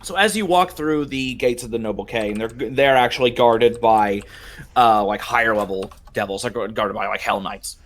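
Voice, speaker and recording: A man's voice: mid-range voice, moderate pace, fairly bright tone. A young man narrating a tabletop game as game master, casual and loose, with many fillers.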